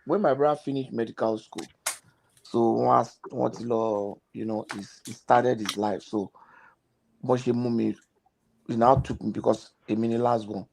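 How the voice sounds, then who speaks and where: A man's voice: medium pitch, steady tone, unhurried, gravelly, a little mellow. A man from Nigeria with a Nigerian accent, telling personal stories in a casual chat and slipping into pidgin. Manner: anecdotal, switching into pidgin.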